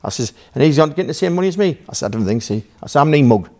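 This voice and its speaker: A man's voice: on the high side, lively intonation, racing, a little mellow. A man with a Geordie accent, a podcast guest telling a long story with lots of swearing, rambling asides and acted-out back-and-forth dialogue. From Newcastle, England. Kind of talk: casual storytelling.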